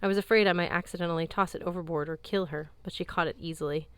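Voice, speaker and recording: A woman narrating an audiobook in a measured, even tone, recorded close on a studio mic. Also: lowish voice, clear, resonant tone, no room sound. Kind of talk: scripted narration.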